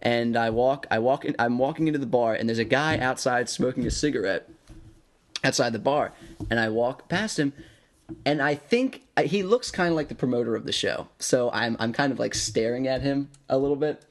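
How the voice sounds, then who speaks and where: A man's voice: mid-range voice, normal speed. Young man telling a story, laughing. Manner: animated, laughing often. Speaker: podcast co-host. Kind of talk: casual chat, storytelling.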